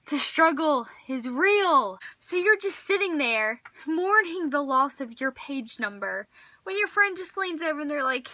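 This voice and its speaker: Bright, dramatic young woman vlogger. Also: high voice, expressive, unhurried, no room sound. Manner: dramatic, exasperated, acts out little scenes. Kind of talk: comedic vlog monologue.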